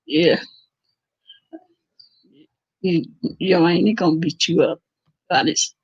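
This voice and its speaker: A woman's voice: lowish voice, breathy edge, no echo, highs cut off. A woman hosting a casual livestream chat, talking loosely with viewers and laughing often. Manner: chatty, laughs often, drawn-out pauses. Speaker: livestream host.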